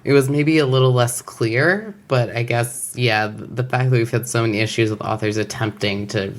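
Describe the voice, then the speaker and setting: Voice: medium pitch, moderate pace. Tentative speaker musing on a podcast. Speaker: podcast co-host. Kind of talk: casual podcast chat about fanfiction.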